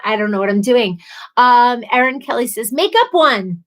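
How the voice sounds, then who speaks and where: A bubbly young woman hosting a casual livestream, her voice sitting a little high. She reads out viewer comments and chats along in an easygoing way. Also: animated, moderate pace, poor audio. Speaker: livestream host.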